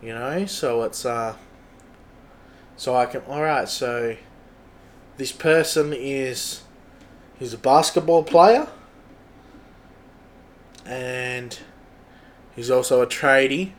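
Mumbling, swearing Australian podcast host. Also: male voice, medium pitch. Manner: swearing, muttering, halting brainstorm. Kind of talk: casual solo podcast chat.

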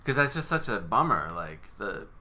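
A man's voice: lowish voice, sing-song, moderate pace, bright, forceful tone. A man co-hosting a casual movie chat, wry and playful, often breaking into laughter. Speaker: podcast co-host.

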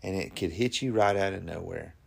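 A man's voice: low-pitched, a little fast, gravelly. A man hosting a faith-based talk on grief, speaking earnestly and conversationally, often restarting his sentences. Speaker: podcast host.

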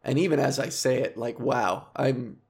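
A man's voice: medium pitch, moderate pace, gravelly, darkish tone. Rambling self-deprecating man in his thirties. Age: 30s. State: emotional, recently cried. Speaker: comedy podcast host. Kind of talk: confessional solo podcast monologue.

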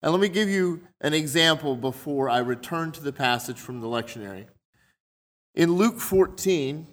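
A man's voice: a little high, expressive, moderate pace, a bit bright. A man preaching a sermon in a conversational way, explaining his points through everyday examples.

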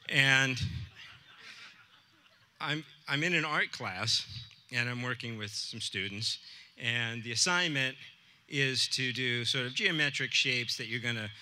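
A man tells a personal story to a live crowd, earnest and chatty, his voice very bright and forward. A faint hum of the room sits underneath. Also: mid-range voice. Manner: earnest, conversational, with quoted dialogue.

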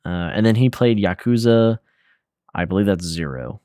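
A young man co-hosting a casual gaming podcast, rambling in a relaxed way with lots of fillers and slang. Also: fairly low pitch, moderate pace, dry recording, clean studio sound. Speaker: podcast co-host.

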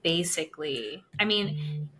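A woman guest in a casual podcast chat, telling stories with lively quoted dialogue and laughter. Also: low voice, slow.

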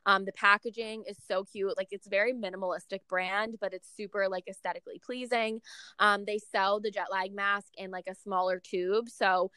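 A woman's voice: medium pitch, steady tone, moderate pace, pushed and bright, clean tone, no echo. A young woman co-hosting a casual chat, talking freely with lots of "like" and "um". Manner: chatty, many fillers like "like" and "um". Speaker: podcast co-host.

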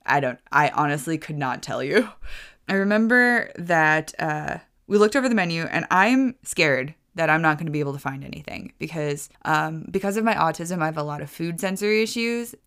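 A woman's voice: deep voice, lively intonation, normal speed, a bit bright, smooth. Rambling woman telling a story. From United States. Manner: rambling, self-correcting, laughs at her own jokes. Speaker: podcast host. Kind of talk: casual storytelling.

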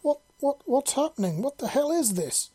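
A reader voicing a panicky alien huntress woman who exclaims in high, alarmed bursts. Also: very animated, normal speed, warm tone.

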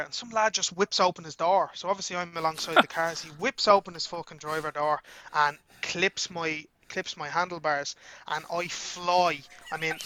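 A young man with a Dublin accent, a podcast guest telling a story in casual chat, animated and swearing freely. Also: sits high, background noise. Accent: Irish, Dublin.

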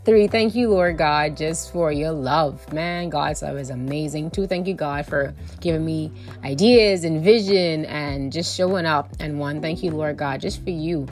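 Low-voiced woman, faith podcast host, lively chatty monologue straight to listeners, faint music bed. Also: measured pace, hardly any pauses.

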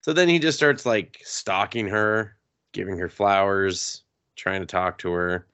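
A man with a somewhat low voice chats his way through an anime plot on a podcast. He is crude and playful, switching into high goofy impressions of the characters as he goes. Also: a little slow, a bit bright, clean tone. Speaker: podcast co-host. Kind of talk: casual anime review chat.

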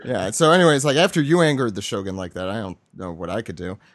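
A man's voice: lowish voice, quick pace, a bit bright, no room sound, studio quality. A man hosting a podcast, casually recapping a comic chapter and putting on voices for the characters' lines. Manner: rambling, acts out quoted lines with voices. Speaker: podcast host.

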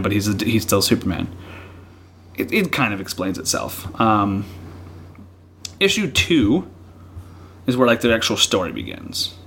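An excitable man chatting about comic books on a podcast, rambling and laughing, often cutting off his own sentences. His voice sits at an ordinary pitch. A faint hiss runs under the recording. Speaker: podcast co-host. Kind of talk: casual chat about comics.

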